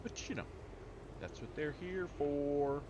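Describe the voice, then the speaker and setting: Fairly high-pitched and taking his time, a man provides live commentary while streaming a multiplayer game. The highs are cut off and there's background noise, and he exclaims and laughs excitedly with his chat and friends.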